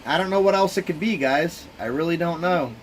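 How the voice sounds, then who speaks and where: A man's voice: fairly high pitch, lively intonation, fairly quick, slight background noise. A man hosting a live stream, giving casual, rambling sports reaction commentary to his chat. He sounds sleepy and keeps yawning. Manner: laid-back, rambling, talks to his chat.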